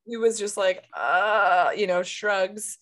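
A woman with a Western Canadian accent co-hosting a podcast, telling a story in an animated, frank way and laughing often. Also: mid-range voice, takes it slowly. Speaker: podcast co-host. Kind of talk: casual storytelling chat.

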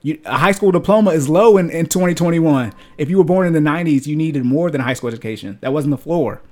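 A man's voice: fairly high pitch, fast, a little mellow. Blunt young man ranting on a podcast. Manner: emphatic, blunt, lecturing with homespun analogies. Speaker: podcast host. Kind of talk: personal finance podcast rant.

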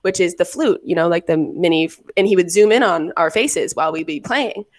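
Rambling, lower-voiced young woman storyteller. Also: fairly quick. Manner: rambling storyteller, frequent fillers and laughs. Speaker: podcast co-host. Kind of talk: casual chat.

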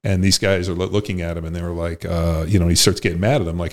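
A man's voice: low voice, flat delivery, fast, hardly any pauses. A man hosting a podcast conversation, a former football player who talks bluntly, rambles and swears freely. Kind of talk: casual conversation.

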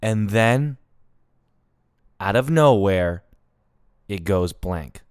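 A man's voice: on the low side, extremely slow, clear, resonant tone, no echo, studio quality. A man hosting a solo comedy podcast, telling a rambling story with lots of swearing and tangents. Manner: animated, profane, prone to tangents. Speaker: podcast host.

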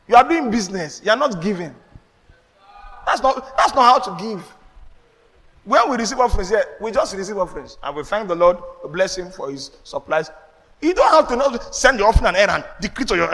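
A man with a Nigerian accent, preaching a sermon as pastor, animated, slipping into pidgin asides and laughing. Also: high voice, big-room sound. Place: church.

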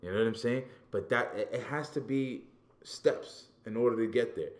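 A man in casual, animated, profane chat about wrestling as a podcast co-host, often repeating words as he gets going. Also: medium pitch, normal speed.

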